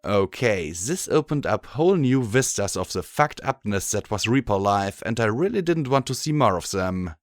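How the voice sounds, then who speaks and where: A man reading a fan fiction audiobook in a steady, measured way. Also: lowish voice, no room sound, clean studio sound. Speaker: audiobook narrator.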